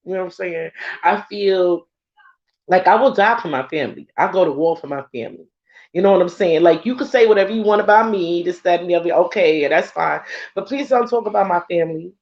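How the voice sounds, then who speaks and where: An effusive, emotional woman talks straight to her followers in a loose, laughing, heartfelt way. Her voice sits at a middle pitch. It comes through a slightly dull, lo-fi recording. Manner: emotional and effusive, swears casually; laughs often, with a loose conversational rhythm. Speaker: spiritual vlogger addressing followers. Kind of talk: casual heartfelt talk.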